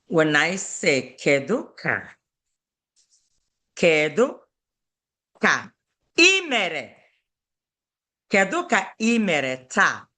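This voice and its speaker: An Igbo speaker teaches a beginner language lesson, taking it slowly and going over each phrase again and again. The voice is bright and clear. The pitch rises and falls in a lively, sing-song way. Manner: patient, repeats phrases slowly for learners.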